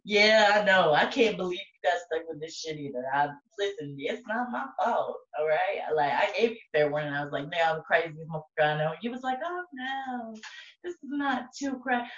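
A woman's voice: low-pitched, animated, fairly quick, few pauses, fairly bright tone. A woman co-hosting a podcast in rowdy, profane casual chat, laughing often. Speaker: podcast co-host. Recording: echoey, distant, dull mic.

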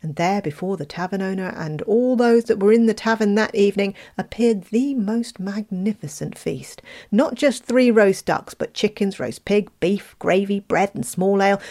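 A woman reading a fairy tale aloud, expressive, with playful asides. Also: mid-range voice, moderate pace, few pauses. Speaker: storyteller.

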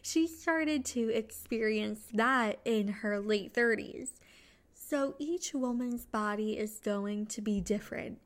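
A young adult woman hosting a solo podcast, talking in an earnest, chatty way with small restarts. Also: fairly high pitch. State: excited, just home from work. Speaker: podcast host.

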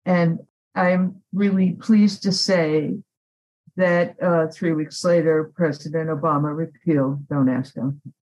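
A woman activist, a guest on an interview podcast, telling a story in an animated, emphatic way. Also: deep voice, a little slow, muffled recording.

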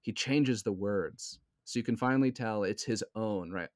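Low-voiced earnest man talking film. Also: normal speed, no room sound, clean studio sound. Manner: earnest, keeps checking in with "right?". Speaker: podcast co-host. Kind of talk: casual film discussion.

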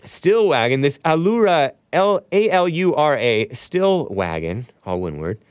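A man's voice: on the high side, very animated, moderate pace, smooth, dry recording. Sarcastic male host, solo commentary, dry close-mic studio sound. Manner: sarcastic, mocking asides, laughs at own remarks. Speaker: talk show host. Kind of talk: solo commentary, reading news aloud with asides.

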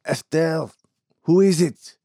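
A man voicing an ailing elderly male mine owner, gruff yet hearty, with a strained, raised old voice. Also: mid-range voice, measured pace, a little mellow, dry recording, studio quality. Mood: anxious.

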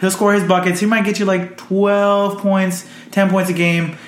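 A man's voice: high voice, little pitch movement, normal speed. A man co-hosting a casual sports podcast, breaking down trades and laughing often. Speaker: podcast co-host. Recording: echoey room.

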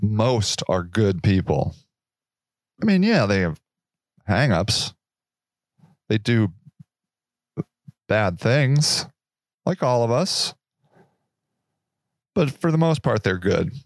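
A man hosts his own podcast in a rambling solo monologue. His delivery is slow and sarcastic, and he laughs at his own jokes. His pitch swings widely, and the recording sounds dry and close. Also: sing-song, no room sound. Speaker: podcast host. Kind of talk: casual monologue.

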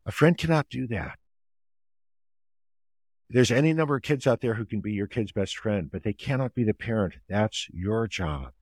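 A man's voice: fairly low pitch, normal speed, no room sound. A man, a family doctor and author, answering interview questions with long stories and acting out the people in them. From United States. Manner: acts out quoted voices in anecdotes, animated retelling. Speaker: family physician and author, podcast guest.

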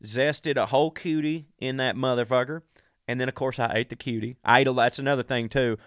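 A man's voice: medium pitch, fairly even intonation, fairly quick, clear, resonant tone, no room sound, clean studio sound. A sick man, talking casually and profanely straight to his listeners in a podcast monologue. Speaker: podcast host.

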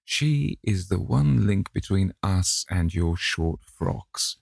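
A languid, cynical gentleman drawls clever epigrams in a deep, gravelly low voice, as a man reads him in an audiobook. The recording is close and dry. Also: expressive, slow, dry recording, heavily acted. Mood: amused. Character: witty cynical aristocratic gentleman. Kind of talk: audiobook character reading.

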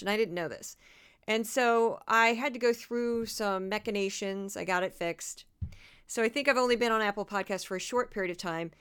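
A young woman with a New York accent hosting a solo political podcast, talking fast and loud. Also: mid-range voice, smooth. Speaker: podcast host.

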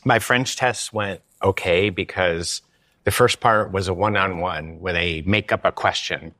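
A man's voice: low-pitched, measured pace, sharp tone, dry recording, clean studio sound. A man hosting a podcast, chatting casually and joking in rambling asides. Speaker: podcast host. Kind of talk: casual conversational interview. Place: lives in Paris.

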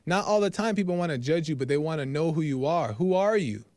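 A man's voice: fairly high pitch, quick pace, a little mellow, dry recording. A man hosting a call-in talk show, sharing his opinions earnestly and repeating his points for emphasis.

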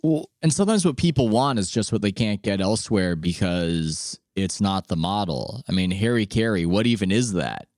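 A man hosts a casual podcast chat, giving his opinions freely and teasing his guest. His voice sits low, and the sound is dry and close. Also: sing-song, normal speed, few pauses, a little mellow, no room sound. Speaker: podcast host. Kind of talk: casual conversation.

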